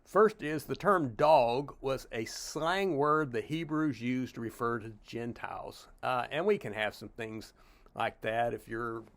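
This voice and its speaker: A middle-aged pastor teaching a Bible study in a relaxed, conversational tone. His voice sits at an ordinary middle pitch, and his talk is full of "uh" and "you know" as he works through the passage. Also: a little slow. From Tennessee, US.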